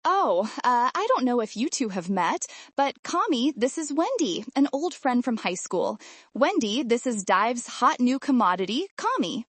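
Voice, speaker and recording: A woman voicing a young man who runs a bar, speaking in a gentle, coaxing way in an audiobook. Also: on the high side, very animated, a little slow, slightly rough, no room sound, exaggerated voice. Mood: awkward. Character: young man, bar owner, caring yet evasive.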